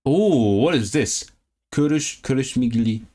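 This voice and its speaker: A man's voice: medium pitch, lively intonation, a little slow, mellow. A man from Hong Kong livestreaming for his chat as he learns a language, sounding out and repeating words and correcting himself aloud.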